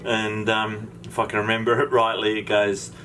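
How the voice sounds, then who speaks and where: Chatty low-voiced man on a boat. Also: monotone, moderate pace, pushed and bright, a little hiss or hum. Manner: rambling, chatty, with many ums. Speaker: vlog host. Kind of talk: casual vlog chat. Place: on a sailboat.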